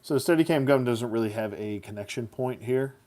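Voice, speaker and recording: A man's voice: medium pitch, a little fast, a little mellow. A man casually reviewing action figures as he builds them, chatty and goofy, slipping into silly rhymes.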